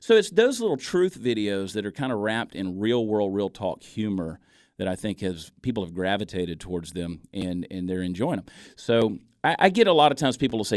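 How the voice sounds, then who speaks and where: A man from Georgia with a softened Southern accent, telling stories as a guest in a radio studio interview. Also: fairly low pitch, normal speed, no room sound. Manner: animated storyteller, folksy. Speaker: guest, comedian and video creator.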